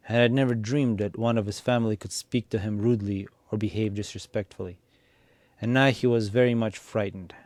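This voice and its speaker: Brief: male story reader, low-pitched, relaxed narration, occasional slips. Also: no echo. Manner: unhurried, small slips. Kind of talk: reading a story aloud.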